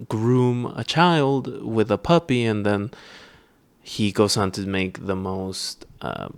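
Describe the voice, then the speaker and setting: A man co-hosting a podcast, giving measured, sardonic commentary with frequent pauses on a close mic. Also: lowish voice, vocal fry, clear, resonant tone, no echo. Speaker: podcast co-host. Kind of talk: casual critical commentary.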